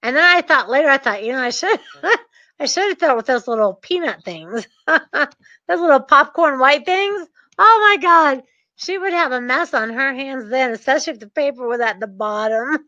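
A woman telling a casual story to camera in an animated, laughing, mischievous way. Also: high-pitched, dry recording, muffled recording. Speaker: real estate dealmaker.

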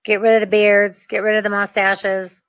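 A woman's voice: mid-range voice, completely flat delivery, normal speed, no echo. A woman coaching real estate investors in a chatty, ranting way with sarcastic asides. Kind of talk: energetic coaching talk. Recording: dull, dry lo-fi recording.

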